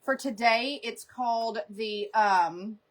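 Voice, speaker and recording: Taking her time, a woman hosts a live makeup stream, chatting casually and drifting through stories as she laughs often. Her pitch is fairly high.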